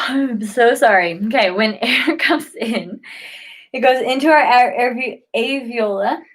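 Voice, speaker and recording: Poorly recorded, this woman has a medium-pitched, slightly bright voice. Talking directly to the camera as a health educator, she keeps things easy and conversational, full of "um"s, false starts and restarts. Frequent yawns interrupt her along the way.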